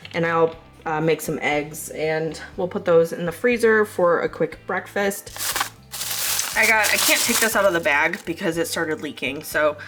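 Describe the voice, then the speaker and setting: A woman's voice: lowish voice, a bit bright. A woman in her thirties with a Southern US accent, chatting casually and rambling through a grocery haul with lots of fillers. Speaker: vlogger showing a grocery haul. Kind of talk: casual chat.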